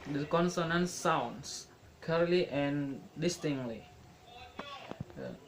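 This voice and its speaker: A young man giving a classroom pronunciation lesson, halting and restarting, repeating each example word slowly. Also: on the high side, background noise. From Indonesia. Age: young adult. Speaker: student presenter.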